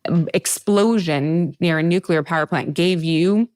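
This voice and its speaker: A woman from the Pacific Northwest hosting a casual chat, animated and swearing freely. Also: lowish voice, measured pace, no echo. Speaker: podcast host.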